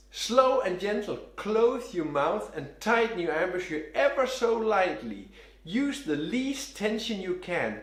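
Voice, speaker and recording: A man teaching saxophone breathing and tone, giving calm step-by-step instructions while he demonstrates each exercise himself. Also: high-pitched. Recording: roomy echo.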